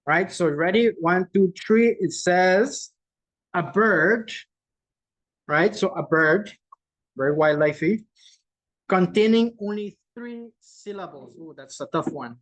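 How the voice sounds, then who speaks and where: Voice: medium pitch, poor audio. Chatty virtual game host asking "right?". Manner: tags many lines with "right?", loose and chatty; repeats each clue slowly, reading out answers from the chat. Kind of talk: casual hosting of a chat quiz game. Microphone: video call.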